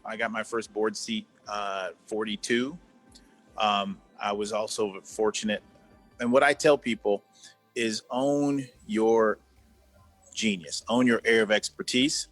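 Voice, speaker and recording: Low-voiced man in his fifties, earnest. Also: steady tone, a little slow, a bit bright, soft background music. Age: 50s. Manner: earnest, repeats words for emphasis. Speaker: guest, former executive. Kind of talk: conversational interview.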